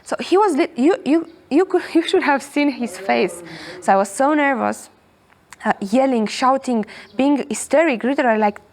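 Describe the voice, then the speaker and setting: A young woman, telling a story as a podcast guest in a hostel, animated and repeating herself often. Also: sits high, moderate pace. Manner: animated, repeats words, frequent "you know". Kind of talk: casual storytelling in English.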